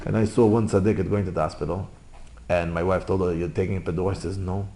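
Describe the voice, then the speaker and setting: Gravelly man preaching in broken English. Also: sits low, steady tone, fast, noisy background. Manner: emphatic, repetitive, rhetorical questions, broken English. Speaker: religious teacher. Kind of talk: sermon.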